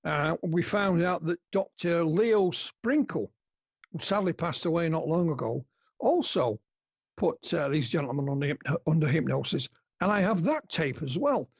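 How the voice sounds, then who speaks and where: Husky northern English storyteller. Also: male voice, on the high side, lively intonation, moderate pace, no room sound, lo-fi sound. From north of England. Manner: chatty storyteller, laughs at own anecdotes. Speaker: guest researcher. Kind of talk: casual podcast interview.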